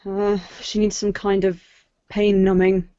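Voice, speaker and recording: Player, mid pitch, clipped replies, lo-fi dry sound. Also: monotone, a little slow, warm tone, smooth, dry recording. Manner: terse short replies. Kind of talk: in-character tabletop play.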